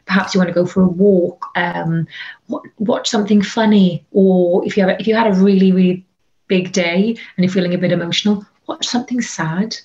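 A woman talks through practical burnout advice in an animated, chatty way, full of ums and little asides. She sits on her bed for an interview, and the audio comes through slightly dull and lo-fi. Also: on the low side, fairly quick. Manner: chatty, animated advice-giving with many fillers. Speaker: wellbeing and burnout coach. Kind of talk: interview conversation. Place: bedroom.

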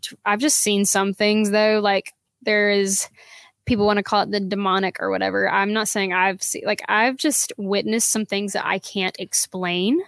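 A woman's voice: medium pitch, level tone, moderate pace, creaky, fairly bright tone, no echo. Hesitant woman guest, dry close sound. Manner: hesitant, searching for words. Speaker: podcast guest. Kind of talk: casual chat.

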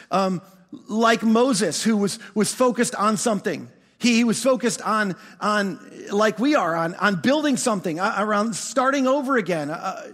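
A man preaching a sermon as pastor, animated, often restarting words and asking his congregation questions. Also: sits high, in a large hall.

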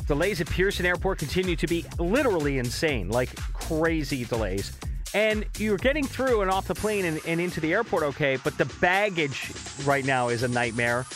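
Guy hosting morning radio, kinda high voice, jokey and chatty, music playing under him. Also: animated, normal speed. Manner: chatty, jokey, laughs often. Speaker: radio morning show host. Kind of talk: casual radio chat.

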